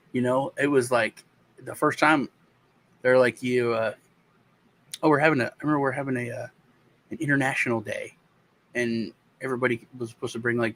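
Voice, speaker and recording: A man from the United States, co-hosting a casual talk show, telling a childhood story in a halting, rambling way with many restarts. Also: mid-range voice, a bit bright, a little hiss or hum, low-quality recording. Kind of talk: casual chat.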